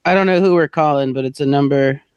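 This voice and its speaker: A man's voice: on the high side, fast talker, clean tone, dry recording, muffled recording. Joking man in dry close sound. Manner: joking, crude banter. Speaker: podcast host. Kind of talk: casual podcast chat.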